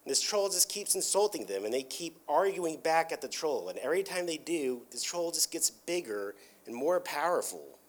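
A man's voice: fairly high pitch, sing-song, moderate pace, hardly any pauses. A man casually retelling a cartoon episode, rambling with lots of filler words and restarts.

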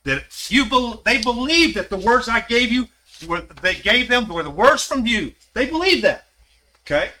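A man's voice: very high voice, lively intonation, moderate pace, bright, forceful tone. An older man teaching a Sunday Bible class, conversational and questioning his listeners, acting out scripture quotes as he goes. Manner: acts out scripture quotes with shifting voice.

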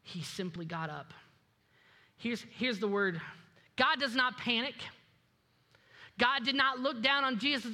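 A pastor preaching a sermon in a lively way, acting out quoted voices and dropping low and quiet for emphasis. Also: a little slow, long pauses. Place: church sanctuary.

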